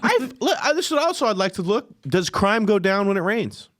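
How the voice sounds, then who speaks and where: Man, podcast co-host, rambling crude banter, lively swinging pitch, dry close sound. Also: brisk, no echo. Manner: rambling, crude, many restarts. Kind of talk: casual comedic banter.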